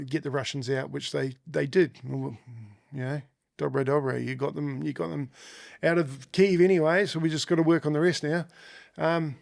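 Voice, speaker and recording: A man's voice: a little high, creaky, no echo, studio quality. A middle-aged Australian man being interviewed, telling his stories casually and laughing often as he acts out the voices of the people in them. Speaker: guest.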